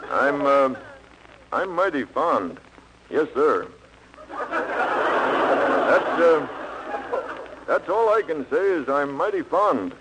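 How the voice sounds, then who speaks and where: A man imitating a shy, tight-lipped cowboy film hero in a 1940s radio comedy, drawling haltingly. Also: fairly high pitch, very animated, background noise, pitched above the performer's own voice, heavily acted. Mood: bashful. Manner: halting, drawling, through clenched teeth. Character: laconic cowboy film hero, strong silent type.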